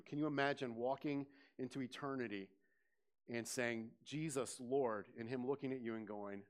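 Male pastor, lively sermon delivery, questions to the room. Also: mid-range voice, normal speed. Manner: animated preaching, questions to the congregation, rising loud on quoted scripture.

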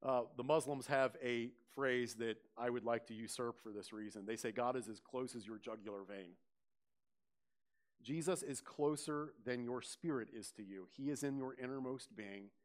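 Male pastor, lively sermon delivery, questions to the room. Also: medium pitch, normal speed. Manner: animated preaching, questions to the congregation, rising loud on quoted scripture.

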